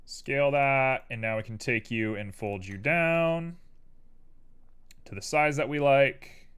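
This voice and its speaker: A man's voice: mid-range voice, takes it slowly, fairly bright tone, clear, resonant tone. A man casually chatting on a live stream while he works, playful and talking to himself and his chat. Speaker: livestreamer and 3D artist.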